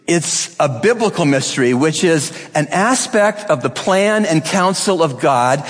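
Pastor guy preaching hard, kinda high voice, big echoey hall, lots of repeated lines. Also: lively intonation, measured pace. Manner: emphatic, rhythmic repetition, rising to intensity then dropping low. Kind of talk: sermon.

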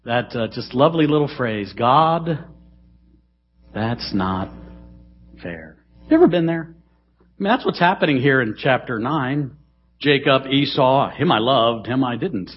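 A middle-aged man preaching a sermon in a church, dramatic, swinging between loud emphasis and hushed asides. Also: medium pitch, moderate pace, breathy edge. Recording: dull, lo-fi sermon recording.

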